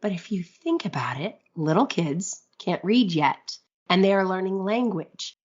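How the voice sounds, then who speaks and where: A woman in her thirties co-hosting a podcast in casual chat, a little husky from a cold, chatty and upbeat. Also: medium pitch, animated, unhurried, lo-fi sound. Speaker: podcast co-host.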